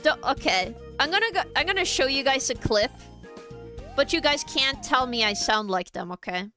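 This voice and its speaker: A woman's voice: sits high, animated, sharp tone, soft background music. A young woman from Norway, a native Norwegian speaker with a Norwegian accent, chatting casually and giggling on a livestream. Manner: chatty and giggly, quick asides. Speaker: streamer.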